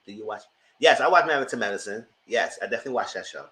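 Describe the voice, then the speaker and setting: Guy hosting a live tv recap, sassy and chatty, bright punchy voice. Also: fairly low pitch, very fast, poor audio. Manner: animated, sassy, talks straight to the viewers. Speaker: TV review host. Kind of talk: live casual commentary.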